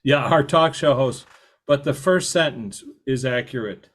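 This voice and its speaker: A man hosting a podcast interview, talking in a halting way with many fillers and restarts. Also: mid-range voice, fairly bright tone. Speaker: podcast host. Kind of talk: conversational interview.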